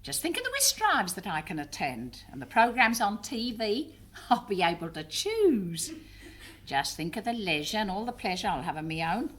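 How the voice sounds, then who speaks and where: A woman performing a comic monologue as a grandmother bravely seeing her family off on a train, her voice climbing high as she insists she'll be fine. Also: wildly swooping pitch, normal speed, fairly bright tone. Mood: brave cheerful. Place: live theatre stage before an audience.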